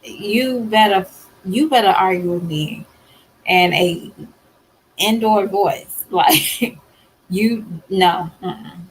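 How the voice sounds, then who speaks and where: A woman's voice: medium pitch, extremely slow, pauses often, slight background noise, rough recording. A woman vlogger talking candidly to camera, emphatic and blunt, with many fillers and repeated firm refusals.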